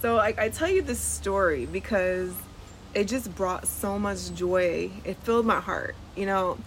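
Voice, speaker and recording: Woman, nurse and podcast host, casual chatty storytelling, mid-pitched voice, outdoors on a porch. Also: unhurried, a little hiss or hum, poor audio. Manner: chatty, with frequent "like" and "um" and laughter.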